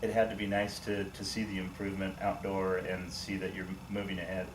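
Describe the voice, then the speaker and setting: A man hosting a sports show, asking steady, plain interview questions. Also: sits low, brisk. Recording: echoey room, mic at a distance, faint noise.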